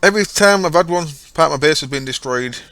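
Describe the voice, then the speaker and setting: A man's voice: a little high, fast, sharp tone, smooth, no echo. Chatty man narrating gameplay. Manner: chatty, rambling, self-correcting. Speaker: gaming channel host. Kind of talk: casual gameplay commentary.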